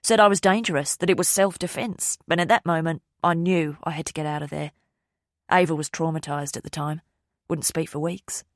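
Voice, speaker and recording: A woman narrating a mystery thriller audiobook in a steady scripted reading, shifting her voice slightly for characters. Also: sits low, fairly quick, dry recording, studio quality.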